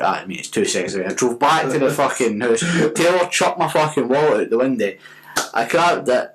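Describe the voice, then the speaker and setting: A Scottish man in his twenties, co-hosting a podcast, telling a story in an animated, sweary way. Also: mid-range voice, heavy background noise. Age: 20s. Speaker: podcast co-host. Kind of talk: casual storytelling chat.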